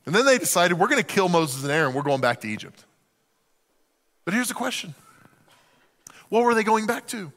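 A man preaching a sermon in an animated way, acting out the voices of the people in the story. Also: high voice, moderate pace, pauses often, long reverb tail. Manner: animated, acts out quoted voices. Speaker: pastor.

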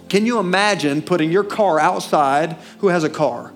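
A high-voiced male pastor with a Southern US accent preaching in church. He talks animatedly, throws questions at the congregation, and drops to a hush before rising again. Faint music plays behind him. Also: moderate pace, hardly any pauses. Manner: animated, asks the congregation questions, swings from loud to hushed. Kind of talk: sermon.

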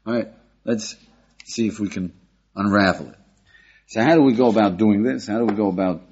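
An older American rabbi delivers a lively Torah class, animated and quizzing his audience, checking in again and again with a steady "yeah?". His voice sits fairly low with a breathy edge, captured on a dull lo-fi lecture recording.

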